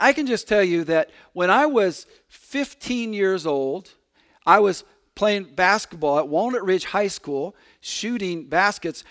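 A middle-aged male pastor preaching a sermon to his congregation, earnest and personal, often repeating a word as he restarts a phrase. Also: high voice.

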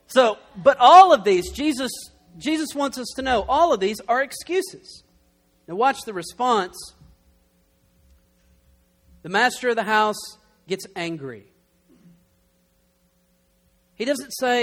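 A young adult man preaching a conversational sermon, telling stories with animated humor. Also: very high voice, takes it slowly, long pauses. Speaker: pastor.

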